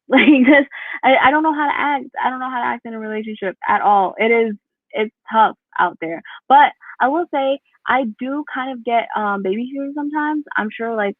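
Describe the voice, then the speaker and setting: A woman's voice: on the high side, moderate pace, no echo. A young woman from New doing a rambling stand-up set, full of fillers and laughing at her own jokes. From New York. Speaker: stand-up comedian. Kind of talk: stand-up set over a video call. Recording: tinny phone-like call audio, dry.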